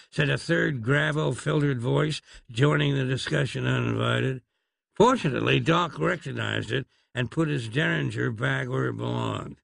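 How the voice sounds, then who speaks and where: A man's voice: mid-range voice, moderate pace, creaky, a bit bright, no room sound. A man narrating an audiobook in a wry, dryly amused manner.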